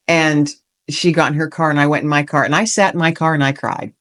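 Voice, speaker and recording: A woman's voice: low voice, fairly even intonation, brisk, fairly bright tone. Earnest woman telling a heartfelt story. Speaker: podcast guest, author and veteran. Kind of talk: storytelling in a podcast interview.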